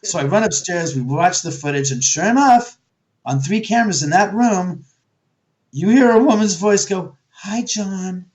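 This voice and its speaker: A man being interviewed as a guest author, telling stories casually and acting out quotes with sudden jumps in his voice, speaking over a video call. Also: normal speed. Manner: animated, acts out quotes with jumps in pitch.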